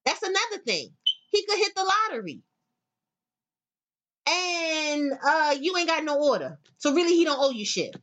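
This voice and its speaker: Profane, animated middle-aged woman ranting. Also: high-pitched, moderate pace, pauses often. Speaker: podcast host. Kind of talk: casual opinionated monologue.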